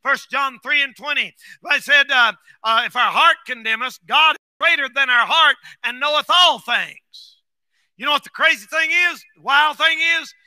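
A man preaching a folksy sermon as pastor, switching between shouted bursts and quiet asides. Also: very high-pitched, dry recording.

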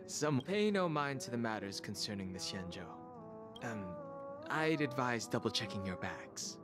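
A reserved young man from a video game, voiced by a man, quiet and measured in how he talks. His pitch sits in the middle range and he keeps his words polite and brief. Faint music plays under him. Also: big pitch swings, natural voice.

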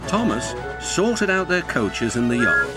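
A man reads a children's storybook aloud in an expressive style. His pitch rises and falls a great deal, and his voice sits mid-range. Music plays clearly behind him. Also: unhurried. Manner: expressive, animated reading. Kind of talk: storybook narration.

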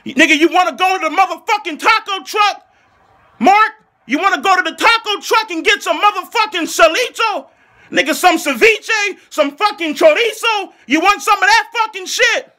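A man from Philadelphia rants as an outraged football fan in a high, piercing voice. He mocks and curses without pause and keeps erupting into shouts. The tone is bright and forceful throughout. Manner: furious, mocking, heavy swearing, shouting bursts. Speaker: angry football fan ranting. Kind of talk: profane comedic sports rant.

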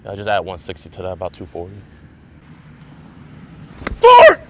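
A young man hosting a prank video at an outdoor golf range, playing a clueless beginner in a deadpan, cocky way. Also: low-pitched, racing. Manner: deadpan, cocky, yells loudly on swings. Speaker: prankster host.

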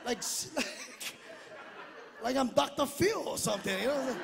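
High-voiced comedian from hawaii on stage. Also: male voice, unhurried, gravelly, pauses often. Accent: Hawaiian Pidgin-tinged English. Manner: animated, shouting punchlines, acting out voices. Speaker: stand-up comedian. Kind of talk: stand-up comedy routine. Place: large theater stage. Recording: live theater with echo, crowd laughter and noise. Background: audience laughing.

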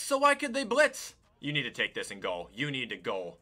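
A young man giving profane, excitable commentary while playing a football video game, swinging from mutters to shouts. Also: fairly high pitch, brisk, few pauses, soft background music. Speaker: gaming YouTuber. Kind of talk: profane live gameplay commentary.

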